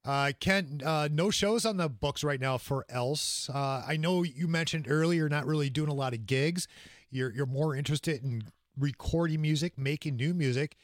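A man of middle pitch hosts a show and asks a guest casual questions. He speaks in a friendly way with a few fillers. His voice sounds dry and close, with no echo. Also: normal speed. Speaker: radio show host.

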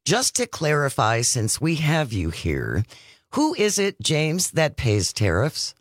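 A man hosting a talk show, asking questions and clarifying points slowly and emphatically. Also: on the high side, wildly swooping pitch, dry recording, clean studio sound. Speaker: radio show host.

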